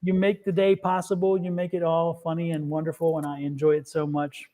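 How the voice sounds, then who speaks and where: A man's voice: fairly high pitch, little pitch movement, brisk, warm tone. A man hosting a livestream tarot show over a video call, chatty and laughing often. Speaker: tarot reader and host. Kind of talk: casual livestream chat.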